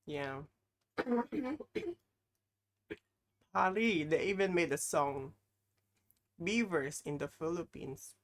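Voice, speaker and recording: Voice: mid-range voice, slow pace, pauses often, fairly bright tone. A live streamer chatting casually with their audience in a rambling, apologetic way while reacting to videos.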